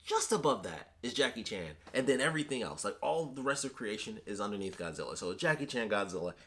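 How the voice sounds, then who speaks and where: A man's voice: on the low side, very animated, fast, a bit bright. A man giving a casual, chatty movie review, talking animatedly with lots of filler words.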